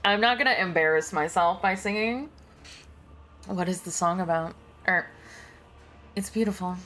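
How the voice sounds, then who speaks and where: Chatty woman streamer, slightly low voice. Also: normal speed, fairly bright tone. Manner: chatty, laughs often, swears. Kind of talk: casual gameplay chat and reading game text aloud.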